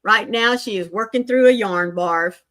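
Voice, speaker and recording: An older woman hosting a casual crochet livestream, chatting warmly with viewers and greeting them by name. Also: medium pitch, moderate pace.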